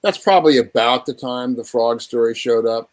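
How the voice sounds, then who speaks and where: Man, thoughtful comic artist panelist, even measured delivery, dry close sound. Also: medium pitch, dry recording. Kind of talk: reflective panel talk.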